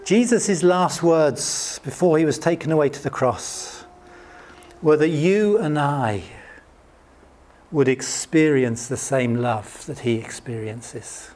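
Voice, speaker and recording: A middle-aged man preaching a sermon in an earnest way, lifting his voice when he acts out quotes and dropping to a soft hush. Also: slow. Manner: earnest, rises high acting out quotes, drops soft and hushed.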